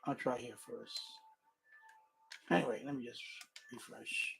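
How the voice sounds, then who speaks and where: A man's voice: mid-range voice, steady tone, unhurried, gravelly, fairly bright tone, a little hiss or hum. A man hosting a casual live stream. He rambles, restarts his sentences and swears now and then at his equipment. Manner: rambling, frustrated asides and mild swearing; repeats himself and restarts sentences.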